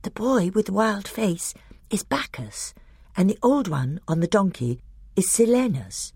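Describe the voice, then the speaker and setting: A young schoolgirl leans in with a breathy, excited whisper, as the storyteller puts her on. Her voice sits high above the narration and stays hushed and secretive. The sound is dry and close, with no room around it. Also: normal speed, no room sound. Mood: eager hush.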